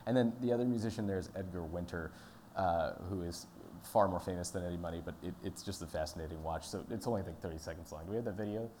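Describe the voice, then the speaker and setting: A man giving a sermon at church in a relaxed, conversational, storytelling manner. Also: sits low, quick pace, a little hiss or hum. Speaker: pastor.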